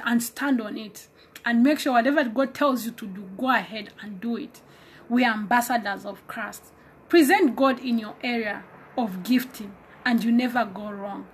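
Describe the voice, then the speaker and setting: A woman's voice: on the high side, normal speed, breathy edge. A woman preacher giving an exhorting sermon, acting out prayers and conversations with God. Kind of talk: casual sermon video.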